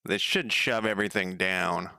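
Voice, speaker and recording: A man's voice: deep voice, normal speed, vocal fry, pushed and bright, clean tone, no echo, clean studio sound. A man coding a game on a casual livestream, thinking aloud, rambling, swearing casually and chatting with viewers.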